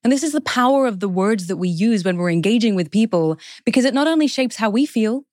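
A woman's voice: mid-range voice, animated, fast talker, darkish tone, dry recording, clean studio sound. A woman guest in an interview, explaining her ideas earnestly and laying them out step by step. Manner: earnest, explanatory, lists points in steps. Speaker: guest author. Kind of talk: interview conversation.

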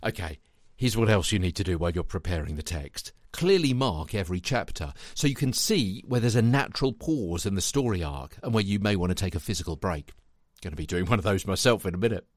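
A man hosting a spoken tutorial podcast, chatty and animated, talking straight to the listener. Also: low-pitched, brisk, no room sound, clean studio sound. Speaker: podcast host and voice coach.

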